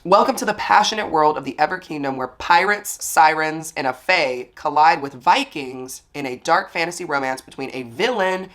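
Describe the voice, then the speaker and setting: Chatty husky-voiced woman book vlogger. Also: low-pitched, animated, normal speed, hardly any pauses, a bit bright. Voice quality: husky morning voice. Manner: chatty, upbeat, lots of "like". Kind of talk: casual chat.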